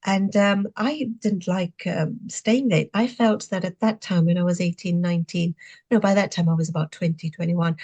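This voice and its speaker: A woman in her sixties from Zimbabwe, a podcast guest recounting her life with lively, reflective storytelling and frequent fillers. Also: fairly low pitch. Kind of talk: storytelling interview answers.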